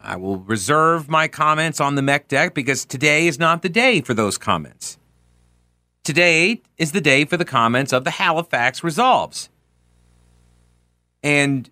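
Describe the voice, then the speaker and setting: A man's voice: mid-range voice, sharp tone, dry recording. A man hosting a radio talk show, reading history aloud with playful mock grandeur.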